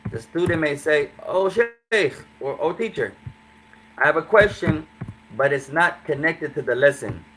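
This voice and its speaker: A man teaching an Arabic class in English, explaining phrases slowly and repeating them. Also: fairly high pitch, lively intonation, a bit bright, slight background noise. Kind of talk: classroom lesson.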